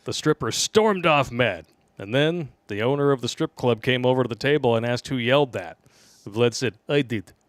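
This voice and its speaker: A man's voice: medium pitch, moderate pace, no echo. A man hosting a casual live show, reading listener emails aloud in a laid-back way with many fillers. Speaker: podcast host.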